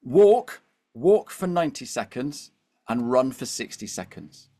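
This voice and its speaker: Here a middle-aged podcast guest recounts a story animatedly, speaking at a normal speed in a mid-range voice. He often pauses to check in, dropping "okay?" and "all right?" as the conversation unfolds.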